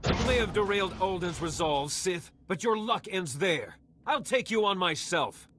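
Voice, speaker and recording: A self-righteous Jedi knight, with a fairly high voice that leaps around expressively in pitch. He argues in a combative, zealous way. He sounds like a fighter from a video game. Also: expressive, moderate pace, fairly bright tone, a little hiss or hum.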